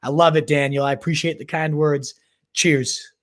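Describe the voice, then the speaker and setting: A man's voice: on the high side, steady tone, moderate pace. A man hosting a live fantasy football Q&A, talking in a hyped, slangy way, often restarting mid-sentence. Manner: hyped, slangy, calls viewers "baby" and "my dude"; restarts and repeats words while thinking aloud. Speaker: fantasy football livestream host. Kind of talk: casual live Q&A chat.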